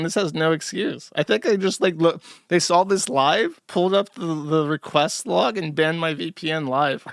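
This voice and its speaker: A man hosting a commentary stream in a sarcastic, mocking tone. His voice is gravelly and a bit high, recorded close and dry with no room sound. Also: moderate pace, a bit bright, no room sound. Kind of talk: livestream commentary.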